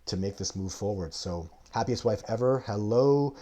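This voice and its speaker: A man's voice: lowish voice, lively intonation, moderate pace, warm tone. Rambling man in his forties, live. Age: 40s. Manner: rambling, emphatic, goes off on tangents. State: coughing now and then. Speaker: host answering viewer questions. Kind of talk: live-stream casual talk.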